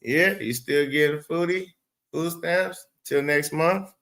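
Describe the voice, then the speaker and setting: A man's voice: fairly high pitch, slow, a bit bright. A man hosting a live stream, rambling, profane and blunt as he talks back to his chat. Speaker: livestream host.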